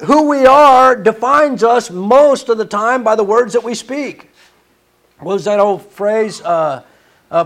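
A man's voice: sits high, slow pace, fairly bright tone. A man preaching a sermon in an earnest, conversational way, stumbling and restarting now and then.

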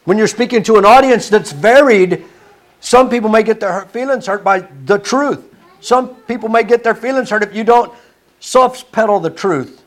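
Man, preacher, sermon, high-pitched, earnest, conversational, occasional restarts. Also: moderate pace.

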